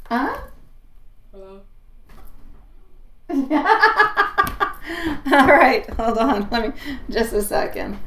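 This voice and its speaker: A woman's voice: sits high, very animated, very slow, pauses often, pushed and bright. A woman reading tarot on a live stream, chatty and laughing often, calling her viewers sweet pet names. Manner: laughs often between remarks. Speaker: tarot reader.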